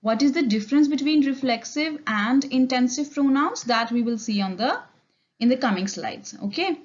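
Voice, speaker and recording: Indian woman teaching, slightly high voice. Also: lively intonation, moderate pace. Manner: explains step by step, mixing Hindi and English, frequent "okay?" checks. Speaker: English teacher. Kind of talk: recorded grammar lecture. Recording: dull lo-fi recording.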